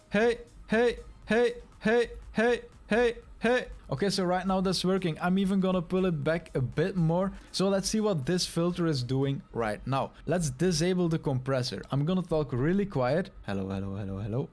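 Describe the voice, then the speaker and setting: This streaming tutorial presenter, whose voice is a bit high, explains audio settings one step at a time on screen. To illustrate, he alternates between talking quietly and shouting.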